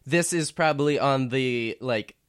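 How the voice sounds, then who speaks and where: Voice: mid-range voice, measured pace, clean tone, no room sound, studio quality. A podcast host chatting casually with friends about a movie trailer, laughing often and thinking aloud.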